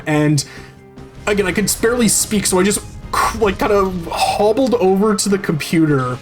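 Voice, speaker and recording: Streamer, male, somewhat high-pitched, rambling and cursing through a story over faint game music. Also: animated, moderate pace. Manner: rambling and profane, many restarts and fillers. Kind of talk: casual storytelling over gameplay.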